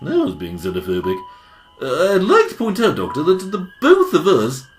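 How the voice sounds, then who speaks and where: A performer voicing a dry, pedantic goose companion in a hobby audio drama, full of deadpan corrections. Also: medium pitch, normal speed, soft background music. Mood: sardonic. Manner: sardonic, correcting, deadpan asides.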